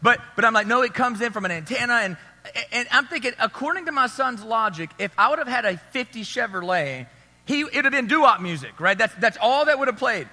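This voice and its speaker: Male pastor, 30s: bright, high-pitched, chatty storytelling sermon, echoey church hall. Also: animated, brisk. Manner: storytelling, conversational, asks the crowd for agreement. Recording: long hall reverb.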